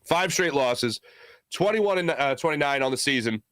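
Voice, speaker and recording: A man's voice: fairly high pitch, expressive, moderate pace, a bit bright, smooth, no room sound, clean studio sound. A man hosting a casual solo sports talk show, rambling along with lots of filler "uh"s and joking asides.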